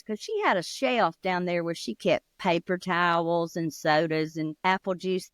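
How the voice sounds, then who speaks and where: A woman, telling a ghost story with dramatic pauses and spooky low drops. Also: dry recording. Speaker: co-host, storyteller.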